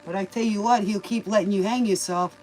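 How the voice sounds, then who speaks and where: A woman's voice: mid-range voice, fairly even intonation, a little fast, a little mellow, a little hiss or hum, low-quality recording. A woman hosting a tarot reading stream, giving folksy, preachy life advice in a casual manner and calling the listener baby. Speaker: tarot reader and livestream host.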